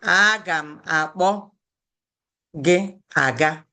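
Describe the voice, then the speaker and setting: This is a language teacher in the middle of a lesson, speaking at an unhurried pace at a mid pitch. The teacher repeats every phrase several times and keeps checking that the students follow. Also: sharp tone. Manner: patient, repeats each phrase, checks in with "okay?".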